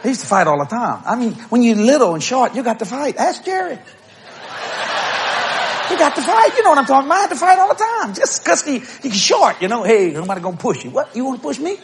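A middle-aged male preacher with a notably high voice, telling funny stories from the pulpit. His pitch leaps all over as he acts out the people in his tales, breaking into shouts and laughs along the way. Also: fairly quick, background noise. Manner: animated, acts out quotes, bursts into shouts and laughter. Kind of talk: humorous storytelling sermon.

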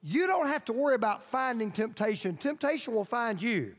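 A very high, sing-song male voice, a little fast, belongs to a pastor preaching emphatically. He repeats lines for emphasis and leads his congregation in call-and-response, while a large hall adds long reverb.

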